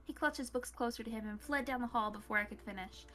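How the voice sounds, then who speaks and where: A woman's voice: fairly high pitch, quick pace, fairly bright tone, soft background music. A woman reading a visual novel aloud to friends. She narrates playfully and breaks off to joke.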